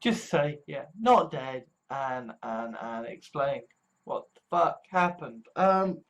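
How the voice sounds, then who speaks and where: A man's voice: mid-range voice, expressive, slow. Young man, sweary and rambling. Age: young adult. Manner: rambling, frequent swearing, sudden exasperated outbursts. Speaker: video essayist. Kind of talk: casual monologue.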